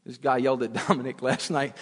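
A man preaching a sermon with passion, repeating his phrases and swinging from loud to hushed. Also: medium pitch, fairly even intonation, quick pace, slightly rough. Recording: long hall reverb.

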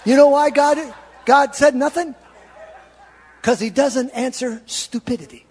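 A male pastor preaching a sermon, storytelling and swinging between loud exhortation and hushed confession. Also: extremely high pitch, fairly even intonation, unhurried, a little hiss or hum. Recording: reverberant hall.

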